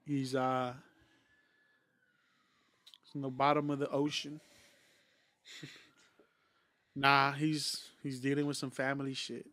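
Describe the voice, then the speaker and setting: A man's voice: mid-range voice, completely flat delivery, slow pace, long pauses, sharp tone, no room sound. A young man hosting a podcast, telling stories in a rambling, profane way, full of "like". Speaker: podcast host. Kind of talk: casual chat.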